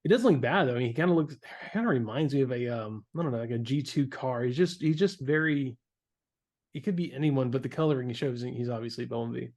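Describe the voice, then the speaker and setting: A man's voice: medium pitch, fast, a little mellow. A man hosting a casual podcast chat about comics, laughing often and restarting his sentences. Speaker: podcast host.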